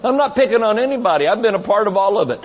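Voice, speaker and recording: A man in his fifties preaches a live sermon at a conference, joking and laughing, then shouting some lines. His voice sits high and swings widely in pitch. The sound carries the long reverb of a big church sanctuary. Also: animated, racing, a faint crowd.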